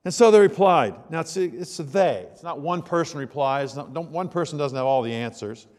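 A man's voice: a little high, expressive, normal speed, a little mellow, big-room sound. A male pastor preaching a sermon in a conversational, joking storytelling manner with asides to the congregation.

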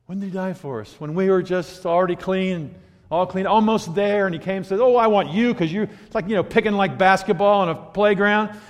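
A man preaching a sermon, swinging from hushed, reflective asides to loud, emphatic points. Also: sits high, steady tone, brisk. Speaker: pastor. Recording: hall reverb.

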